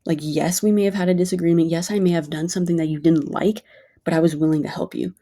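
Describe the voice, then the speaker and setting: A woman's voice: lowish voice, fairly even intonation, quick pace, warm tone. A woman talking casually and earnestly to camera in a personal vlog, rambling with lots of "like". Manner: earnest, rambling, heavy use of "like". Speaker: vlogger.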